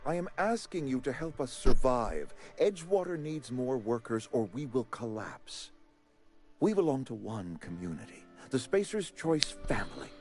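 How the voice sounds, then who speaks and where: A man voicing a pompous male company town administrator in a video game, talking in a formal, ornate and smoothly persuasive way. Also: medium pitch, sing-song, normal speed, darkish tone, faint music behind.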